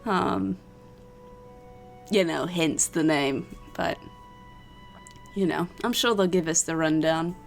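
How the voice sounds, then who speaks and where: A woman's voice: fairly low pitch, slow pace, creaky, pauses often, faint music behind. A woman playing a tabletop game, chatting casually in a playful, joking way. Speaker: player. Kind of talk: casual play chat.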